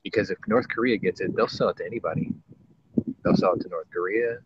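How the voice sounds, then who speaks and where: Rambling, low-voiced man on a lo-fi podcast. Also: quick pace. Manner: rambling, profane, many restarts. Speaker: podcast host. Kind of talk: casual podcast chat. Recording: dull lo-fi with faint noise.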